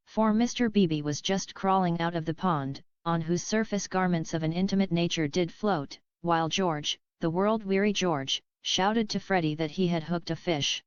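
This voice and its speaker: A woman reading a classic novel aloud as scripted narration, in a measured way. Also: lowish voice, smooth, no echo, lo-fi sound. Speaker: audiobook reader.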